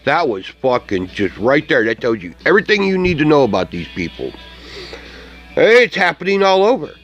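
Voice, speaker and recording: Man, vlogger, profane mocking rant, slightly high voice, very animated pitch. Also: normal speed, muffled recording, soft background music. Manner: angry, mocking, laughs often, heavy swearing.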